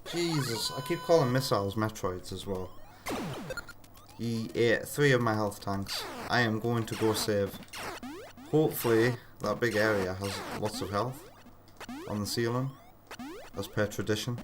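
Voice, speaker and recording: A man's voice: lowish voice, unhurried. A man chatting through live gameplay commentary, self-deprecating and answering his chat. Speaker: streamer. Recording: game music behind the voice. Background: game music.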